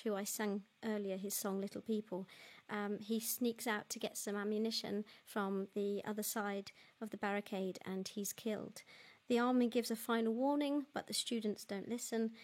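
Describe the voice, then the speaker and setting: A woman's voice: medium pitch, darkish tone. A woman hosting a livestream as a singer, chatting casually and reading out viewer comments, friendly, with frequent ums and self-corrections.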